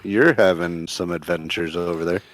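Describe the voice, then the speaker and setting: A man's voice: deep voice, moderate pace, dry recording. A man co-hosting a podcast, chatting in an easygoing, reassuring way. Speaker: podcast co-host. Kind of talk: casual podcast chat.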